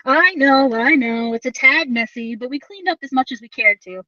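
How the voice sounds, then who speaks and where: A woman's voice: high-pitched, moderate pace, pushed and bright, no echo, distant mic, highs cut off. Woman playing a chirpy sadistic villain man. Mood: gleeful. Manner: chirpy, mocking, theatrical. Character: gleeful cruel male villain, sadistic.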